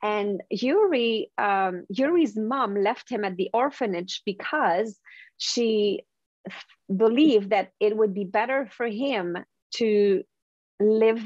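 French Canadian woman guest, native French, chatty and laughing storyteller, mid pitch, dry slightly muffled sound. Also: dry recording. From Quebec, Canada. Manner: animated storytelling, laughs often, many restarts. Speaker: guest, confidence coach and speaker. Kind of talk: podcast interview conversation.

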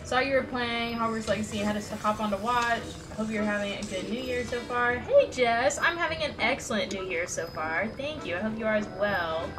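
A woman's voice: a little high, brisk, few pauses, rough recording. A young woman casually chatting and swearing while streaming a video game, reading lines aloud. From United States. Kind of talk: casual gameplay commentary. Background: game music.

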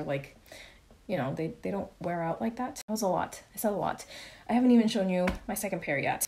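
A young adult woman chatting casually in a haul vlog, rambling and excitable as she shows her shoes. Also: lowish voice. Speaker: vlogger.

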